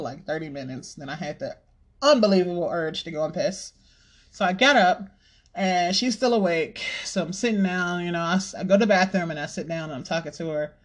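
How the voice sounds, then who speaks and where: A podcast host casually telling a stressful family story in a blunt, profanity-heavy, animated way. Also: mid-range voice.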